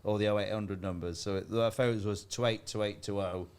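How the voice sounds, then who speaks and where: A man's voice: lowish voice, steady tone, fairly quick, darkish tone, clean tone. A man in his forties, a comedian telling rambling stories in casual chat and laughing at himself. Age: 40s. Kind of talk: casual comic storytelling.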